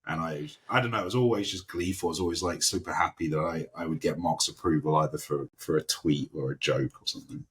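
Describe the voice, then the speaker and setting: Low-voiced London man telling a story. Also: fast talker, hardly any pauses. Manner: animated storytelling, lively impressions in quotes. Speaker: actor guest. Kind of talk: casual anecdote.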